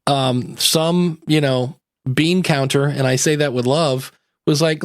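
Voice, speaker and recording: A man's voice: fairly high pitch, steady tone, slow, no room sound. A man co-hosting a podcast in casual chat, telling anecdotes in a chatty way that keeps interrupting itself, on a close mic. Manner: storytelling, chatty, self-interrupting. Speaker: podcast co-host.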